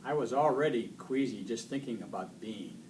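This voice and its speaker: A man reading a children's book aloud in an expressive storytelling voice. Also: mid-range voice, moderate pace. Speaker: reader. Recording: distant mic, faint noise.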